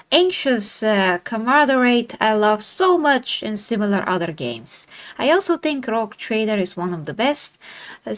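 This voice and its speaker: A woman host reading an interview aloud in a playful way, tripping over hard names now and then. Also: on the high side. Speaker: channel host.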